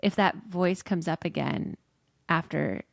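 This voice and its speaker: A woman's voice: fairly low pitch, unhurried, gravelly, dry recording, clean studio sound. A woman coach talking casually as a podcast guest, chatty and full of "like" fillers.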